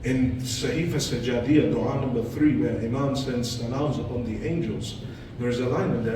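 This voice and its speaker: A man's voice: moderate pace, a little mellow. A man preaching a dramatic, impassioned sermon told as a story, recorded in an echoey mosque hall from a distant mic. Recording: echoey hall from far off, low rumble.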